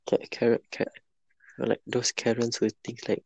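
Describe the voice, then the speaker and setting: A man's voice: mid-range voice, completely flat delivery, measured pace, gravelly, a little mellow, rough recording. A young man from Singapore with a Singaporean English accent, co-hosting a podcast and rambling tiredly with many restarts. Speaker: podcast co-host. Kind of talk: casual late-night chat.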